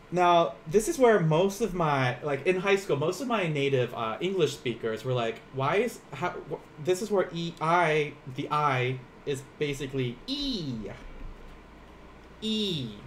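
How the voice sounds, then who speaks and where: A young man hosting a casual home livestream lesson, his voice riding up and down in lively swings and sitting a touch high for a man. He rambles with plenty of fillers and pokes fun at himself. A faint hiss sits under the recording. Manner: rambling, self-mocking, laughs often, lots of fillers. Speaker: Japanese teacher. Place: home room.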